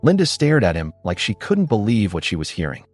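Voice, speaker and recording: A man giving scripted, expressive narration of a first-person story. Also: on the low side, a little fast, faint music behind.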